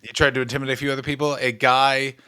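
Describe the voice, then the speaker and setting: A man's voice: medium pitch, racing, smooth, no echo. A man co-hosting a comedy podcast, telling stories in casual chat, sarcastic and profane. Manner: animated storyteller, profane, sarcastic.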